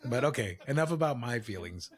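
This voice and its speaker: A man's voice: mid-range voice, expressive, fairly quick, a crowd in the background. A man co-hosting a podcast in a playful, dramatic way, laughing often. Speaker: podcast co-host. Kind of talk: casual chat.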